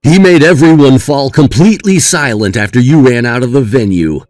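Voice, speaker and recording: Actor voicing a supportive young brother, reassuring, dry voice, faint music underneath. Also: male voice, mid-range voice, normal speed, darkish tone, no echo, close to an everyday voice. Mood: sympathetic. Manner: sympathetic, reassuring.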